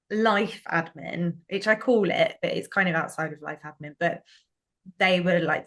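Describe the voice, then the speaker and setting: A woman's voice: lowish voice, bright, forceful tone. A woman guest in a casual interview, chatty, with frequent laughs and many fillers and restarts. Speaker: guest, business owner.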